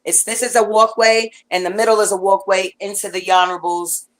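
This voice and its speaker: A woman guest telling a long story in casual chat, animated and rambling, with lots of fillers and restarts. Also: mid-range voice, brisk, rough recording.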